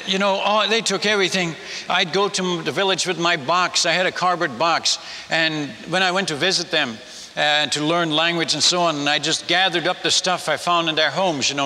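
A man's voice: sits high, bright, forceful tone. An older man with a Dutch accent, telling a humorous missionary story as a sermon in a folksy way, with many restarts. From Netherlands. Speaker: missionary speaker. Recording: long hall reverb with faint noise.

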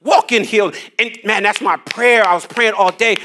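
A man's voice: sits high, normal speed, few pauses, pushed and bright. A man leading a church Bible study on a headset mic, teaching with energy, casual slang and call-and-response lines to the room.

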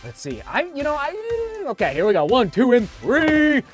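A man's voice: very high-pitched, huge pitch swings, moderate pace, soft background music. A man running a vlog, opening shoe boxes in a hot studio, gasping and exclaiming, a little out of breath. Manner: exclaims and gasps a lot. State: slightly out of breath. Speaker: running vlogger. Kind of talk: excited unboxing vlog.

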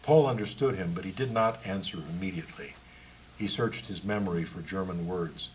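A man reads a passage from his own book in an even, measured delivery. His voice sits on the low side, with a faint hiss of noise under it. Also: low-quality recording. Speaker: author reading his book. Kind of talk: book reading.

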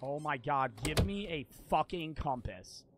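A young man streaming a horror game, swearing constantly and repeating himself as he swings between muttering and yelling. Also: fairly high pitch, animated, measured pace, noisy background. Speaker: gaming streamer. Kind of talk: frustrated let's-play commentary.

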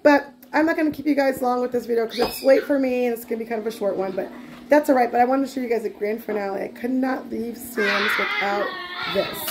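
A mother of six vlogs casually from her home kitchen at night, talking fast in a fairly high voice over some background noise. She's chatty and rambling, often losing her train of thought.

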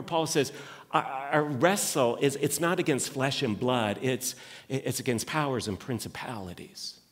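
A man's voice: medium pitch, in a large hall. A man preaching a sermon as lead pastor, talking conversationally with quoted asides and frequent restarts. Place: church sanctuary.

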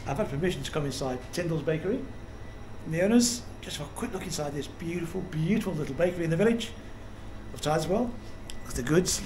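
A middle-aged man talks his way through a village on a walking tour. He is chatty and easily delighted, with a fairly high voice. His action camera also picks up faint background noise. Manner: enthusiastic, admiring, chatty. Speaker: vlogger touring villages. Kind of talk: walking tour vlog narration. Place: outdoors in a village, then inside a small shop. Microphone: action camera mic.

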